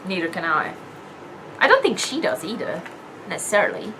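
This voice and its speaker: A woman co-hosting a casual read-along chat, excitable and quick to laugh, often stumbling and restarting her words. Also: on the low side, noisy background. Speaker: co-host of a play read-along.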